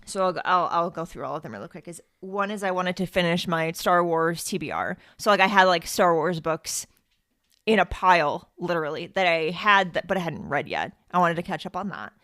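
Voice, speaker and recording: A woman's voice: on the low side, expressive, brisk, fairly bright tone, no echo, studio quality. A woman hosting a podcast in casual chat, talking in a rambling, chatty way with frequent fillers and laughs. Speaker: podcast host.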